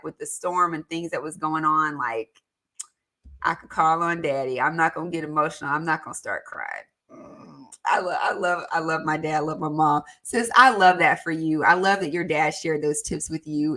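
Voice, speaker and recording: A woman hosting a casual personal-finance livestream, chatting with viewers and reading their comments aloud between warm, talkative tangents full of fillers. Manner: chatty and warm, with fillers and quick jumps in pitch.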